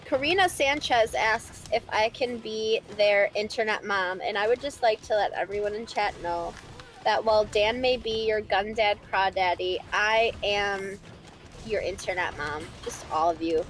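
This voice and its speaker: A woman's voice: medium pitch, a little slow, rough recording. A woman chats casually on a live stream, reading out viewer questions and answering them. Her talk is playful and rambling, full of giggles and "um"s. She sounds like she is in a home studio. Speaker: stream co-host reading chat.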